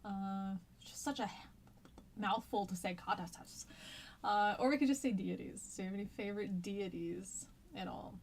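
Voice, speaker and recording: A woman's voice: mid-range voice, steady tone, a little fast, a little mellow. An American woman with a mid-range voice, teaching history on a casual live stream. She talks in a chatty, rambling way, full of ums and asides. Her nose is stuffy, a cough comes through now and then, and a faint hiss sits behind her.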